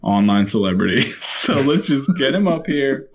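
A man's voice: medium pitch, big pitch swings, normal speed. A man co-hosting a podcast in casual chat, rambling, with many "like"s and laughs. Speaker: podcast co-host.

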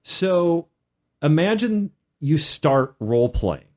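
A man co-hosting a podcast, talking casually as a game master and retelling a session in an animated way. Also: on the high side, slow. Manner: animated storytelling.

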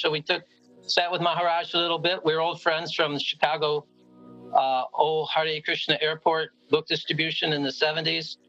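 A man's voice: on the high side, little pitch movement, moderate pace, gravelly, bright, forceful tone, muffled recording, soft background music. A man telling stories with enthusiasm on a casual podcast, acting out the quotes of people he met. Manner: enthusiastic storyteller, acts out quotes. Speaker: prison ministry guest. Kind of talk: casual podcast chat and storytelling.

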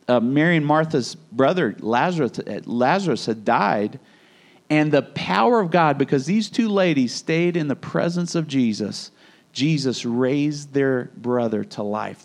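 Animated preacher, man. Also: medium pitch. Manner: conversational, animated, acts out Bible scenes. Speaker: pastor. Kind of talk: sermon.

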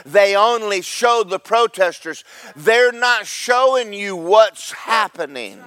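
A man preaching a sermon as pastor, swinging from slow loud emphasis to quick quiet asides. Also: high-pitched, expressive, dry recording.

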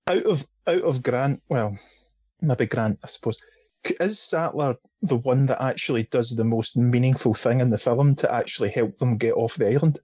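A man with a slightly husky voice, co-hosting a casual film chat with jokes. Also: mid-range voice, normal speed, warm tone, muffled recording. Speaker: podcast co-host.

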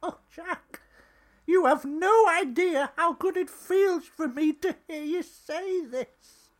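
A woman's voice: extremely high pitch, slow. A woman voicing a blunt middle-aged hotel boss with a brusque manner. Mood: soft. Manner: brusque, mild British curses.

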